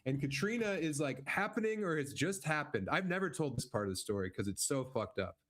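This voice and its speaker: A man's voice: fairly high pitch, lively intonation, fairly quick, a bit bright. A man in his forties, a comedian hosting a podcast, telling a story in a loose, profane, casual way, full of asides and restarts.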